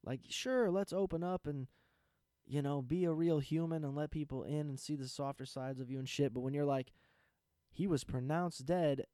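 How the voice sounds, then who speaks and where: A man's voice: mid-range voice, mellow, dry recording, clean studio sound. A man hosting a podcast, ranting casually about news headlines in a profane, sarcastic, rambling way. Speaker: podcast host.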